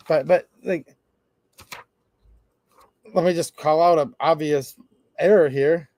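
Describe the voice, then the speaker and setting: Man, high voice, sarcastic commentary monologue, dry close sound. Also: no echo. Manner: sarcastic, acts out both sides of conversations. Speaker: gun rights commentator.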